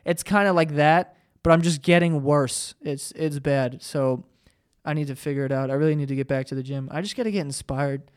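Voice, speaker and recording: High-voiced young man ranting profanely. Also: brisk, smooth. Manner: profane, exasperated ranting with self-mocking asides. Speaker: podcast host. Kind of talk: solo comedic rant.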